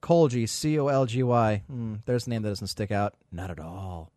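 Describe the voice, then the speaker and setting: A man's voice: medium pitch, normal speed, warm tone, dry recording. A man hosting a podcast in casual chat, blunt and scornful, swearing freely. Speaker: podcast host.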